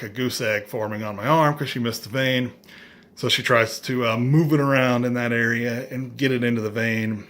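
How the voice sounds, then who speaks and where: A middle-aged man vlogging, telling a story in a casual, animated way with dry, self-mocking humor and acting out other people's lines. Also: mid-range voice.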